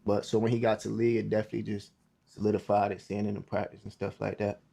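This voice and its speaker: Male athlete guest, lowish mellow voice, easygoing answers. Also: flat delivery, fast, vocal fry, slightly rough. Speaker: football player guest. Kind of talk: casual interview chat.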